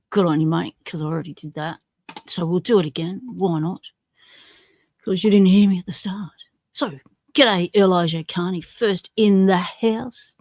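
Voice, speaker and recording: A woman's voice: on the low side, warm tone, no echo, studio quality. An Australian woman hosting a casual livestream, chatty and self-deprecating, greeting viewers one by one by name. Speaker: livestream host.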